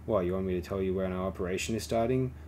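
A man reading the lines of a cautious, clever male starfighter pilot in a low-key, measured way. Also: darkish tone, slight background noise, lightly acted.

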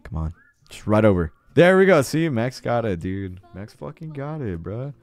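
A young man streaming a game live, talking casually, swearing often and cheering loudly at the screen. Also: mid-range voice, big pitch swings, moderate pace, no room sound. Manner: hyped and jittery, swears a lot, cheers loudly. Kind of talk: casual live-stream chat while gaming.

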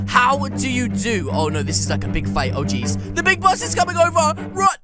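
A woman giving excited gameplay commentary as a gaming YouTuber, with playful mock trash talk. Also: sits high, moderate pace, few pauses, music in the background.

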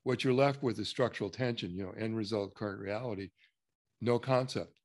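A man's voice: fairly low pitch, fairly quick. A man with an American accent coaching a client in a consultation, asking direct, probing questions and laughing easily. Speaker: structural consultant.

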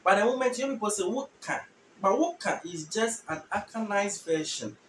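A man from Ghana giving a beginners' language lesson, saying each phrase slowly and repeating it for the learner. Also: sits high, expressive, fairly bright tone, a little hiss or hum. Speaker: language teacher. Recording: echoey room, mic at a distance.

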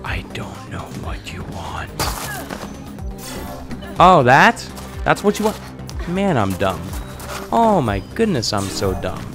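Young man, let's play commentary, chatty and self-mocking, mid pitch, lively swings. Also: slow pace, long pauses. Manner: chatty, self-mocking, flares up in mock frustration. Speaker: gaming YouTuber. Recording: voice over game music.

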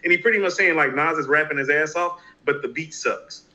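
Bright-voiced animated man, lo-fi. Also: fairly high pitch, fairly quick. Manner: animated, emphatic, rambling with restarts. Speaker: podcast co-host. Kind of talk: casual hip hop discussion.

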